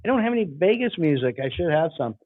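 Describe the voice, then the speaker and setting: A man's voice: fairly high pitch, sing-song, fast talker, dry recording. Man co-host on dull, dry audio. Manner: loose, laughing, hesitant with fillers. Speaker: podcast co-host. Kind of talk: casual podcast chat.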